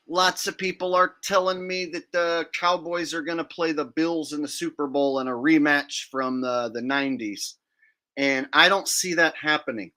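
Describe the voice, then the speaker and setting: A man's voice: fairly high pitch, sharp tone. A man hosting a livestream, talking in a blunt, defiant and profane way. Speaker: livestream host. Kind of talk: casual livestream rant.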